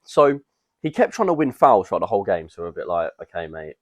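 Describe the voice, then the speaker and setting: Low-voiced lad telling stories. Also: male voice, fast, dry recording. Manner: rambling, animated, slangy storytelling. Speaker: podcast co-host. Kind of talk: casual storytelling chat.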